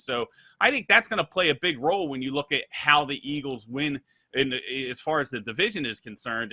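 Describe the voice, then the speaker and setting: A man as a guest analyst, breaking down a football schedule in a measured way. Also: medium pitch, bright, forceful tone, no echo. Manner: measured, breaks down a schedule with "you know" fillers. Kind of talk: analytical sports talk.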